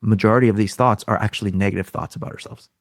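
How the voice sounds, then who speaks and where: A man's voice: lowish voice, steady tone, racing, no echo. Man explaining to listeners, dry sound. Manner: teaching tone, frequent rhetorical questions. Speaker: podcast guest expert. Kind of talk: explaining in an interview.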